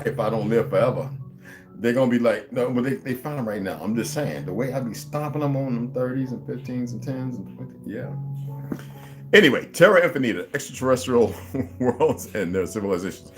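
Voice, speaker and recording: A man hosting a casual stream from home, talking straight to his viewers in a loose, profane, animated way before reading a book aloud. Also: medium pitch. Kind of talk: casual livestream chat. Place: home room.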